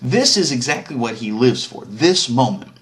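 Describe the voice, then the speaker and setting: A man's voice: medium pitch, expressive, normal speed, fairly bright tone. A man telling an old story as a casual, crude comedic retelling, full of swearing and asides. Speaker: comic storyteller.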